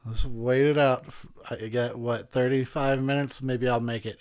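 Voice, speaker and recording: A man's voice: mid-range voice, flat delivery, normal speed, hardly any pauses, darkish tone, smooth. A man who is drunk, giving a rambling, profane film commentary between frequent laughs. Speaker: commentary host.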